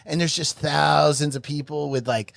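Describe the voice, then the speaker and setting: Young guy telling stories on a podcast, swears a lot, voice a bit high, dry mic. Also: moderate pace, gravelly, dry recording. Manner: profane, animated, acts out quoted people. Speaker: podcast co-host. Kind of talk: casual comedic storytelling.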